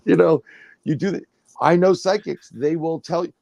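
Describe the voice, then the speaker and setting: Gravelly man telling a rambling story. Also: fairly high pitch, moderate pace, no room sound, dull audio. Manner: rambling, animated storytelling with restarts and acted-out quotes. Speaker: guest, paranormal researcher. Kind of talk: casual storytelling on a livestream.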